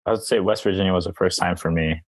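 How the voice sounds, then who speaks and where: A man's voice: deep voice, steady tone, fast, dry recording. A young man from Northern Indiana with a Northern Indiana accent, chatting loosely as a panel guest with lots of fillers. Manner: rambling, lots of 'like' and 'um'. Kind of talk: casual panel discussion.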